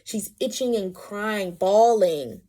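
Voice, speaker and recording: A woman, a mother and vlogger, telling a story in a chatty, animated way with lots of asides. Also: medium pitch, takes it slowly. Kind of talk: casual storytelling.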